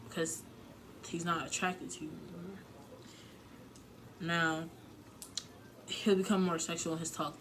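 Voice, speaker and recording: Candid young woman, flat voice. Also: lowish voice, slight background noise, rough recording. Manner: candid, emotional, profane, heavy filler words. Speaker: relationship advice vlogger. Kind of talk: casual advice talk to camera.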